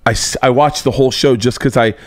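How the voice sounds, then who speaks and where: A man hosting a podcast in a casual chat, rambling and excitable, often restarting his sentences. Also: mid-range voice, fast talker, no room sound, studio quality. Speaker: podcast host. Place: home studio room.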